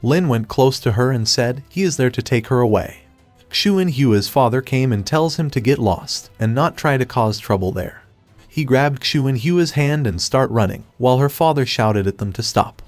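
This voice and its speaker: A man's voice: medium pitch, normal speed, no echo, faint music behind. Man reading a dry comic recap. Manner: steady, even storytelling read. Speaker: narrator. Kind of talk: scripted comic recap narration.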